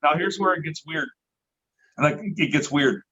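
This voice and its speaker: Middle-aged man telling a lively tale. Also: on the high side, moderate pace, husky. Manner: lively, swearing, acts out the voices he quotes. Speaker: podcast guest. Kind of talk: casual storytelling. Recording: dull lo-fi recording.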